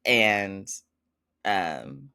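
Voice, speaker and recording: A man's voice: deep voice, animated, very slow, bright, forceful tone, clean tone. Chatty man recapping a show. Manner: chatty, rambling, with frequent fillers and little laughs. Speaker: podcast host. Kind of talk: casual episode recap.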